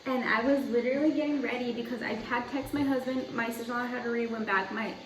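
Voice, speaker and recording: A woman's voice: a little high, fairly even intonation, fast talker, background noise. A young adult woman telling a personal story in a casual, rambling way, full of "like" and restarts. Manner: chatty, rambling, heavy use of "like". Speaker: vlogger. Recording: echoey room, mic at a distance.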